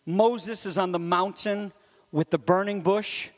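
A man preaching a sermon in a lively, conversational way, with asides to the congregation and sudden swings from loud to hushed. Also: high voice, a little slow, in a large hall. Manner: animated, swings from loud to near whisper. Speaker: pastor.

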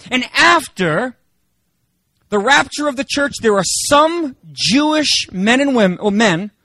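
A man's voice: high voice, a bit bright, no room sound. A man preaching a sermon as pastor, emphatic and full of rhetorical questions to the congregation. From Germany.

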